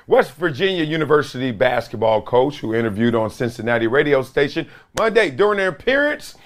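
A man in his forties hosts a solo sports talk show, his mid-range voice sing-song and a little fast, and it strains easily. His commentary is animated, full of stories, playful impressions, and laughter.

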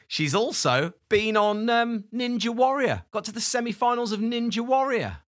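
A man's voice: very high voice, very animated, normal speed. A man co-hosting a casual podcast, chatting and telling stories between laughs. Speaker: podcast co-host. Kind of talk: casual chat.

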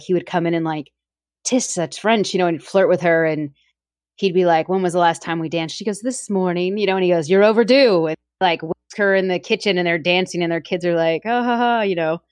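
Casting: low-voiced woman, lively casual podcast co-host, close dry mic. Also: dry recording. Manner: animated, acts out quotes, many fillers. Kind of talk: casual chat.

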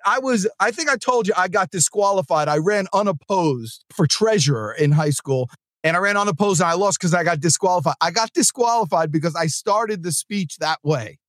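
A man hosting a sales podcast, talking in an energetic, rambling, chatty way with asides to his producer. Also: high voice, moderate pace, dry recording, clean studio sound. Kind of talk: casual motivational monologue. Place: studio.

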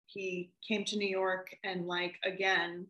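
A woman film director talking casually in an interview, animated and laughing as she acts out what people said. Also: fairly low pitch, takes it slowly, roomy sound, highs cut off.

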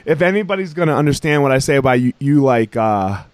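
A man's voice: medium pitch, expressive, fast talker, dry recording. A man hosting a casual podcast, laughing often and prompting stories. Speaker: podcast host. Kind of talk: casual chat.

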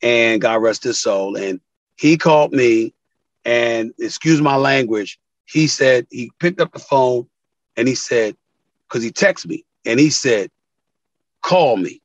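In a dry recording with the highs cut off, a man speaks a little slowly while telling animated interview stories. He's a sports TV commentator, emphatic in manner, who acts out quoted phone calls with large pitch swings.

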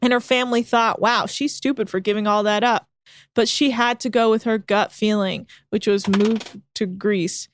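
The recording is dry, and her mid-range voice holds a steady tone. As a podcast co-host, she walks through episode recaps in a casual, chatty way, teasing and laughing easily.

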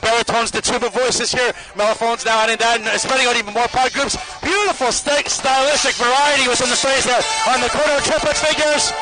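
A man giving running spoken commentary as a marching band judge outdoors on the field, appraising the players with quick bursts of praise. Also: extremely high pitch, rough recording. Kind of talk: live judging commentary over a performance. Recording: live brass band loud behind.

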